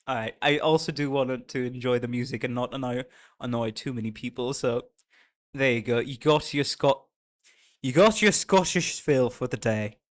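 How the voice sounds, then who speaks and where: A man's voice: mid-range voice, normal speed. Playful male streamer chatting with viewers. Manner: playful, laughs often, greets chat. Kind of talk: casual live-stream reaction chat. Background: faint music.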